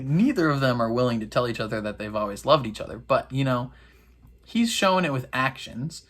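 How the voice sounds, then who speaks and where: A man in casual reaction commentary, chatty and wry, laughing often and filling pauses with "um". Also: lively intonation, fairly bright tone. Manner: acts out characters' lines in quick high voices. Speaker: reaction video host.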